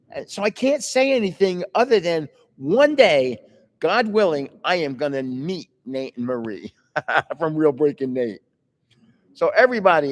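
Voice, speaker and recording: A man's voice: fairly high pitch, big-room sound. An older man hosting a casual livestream, telling rambling stories in a chatty, meandering way, indoors. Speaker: livestream host. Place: indoors, in a building with another floor.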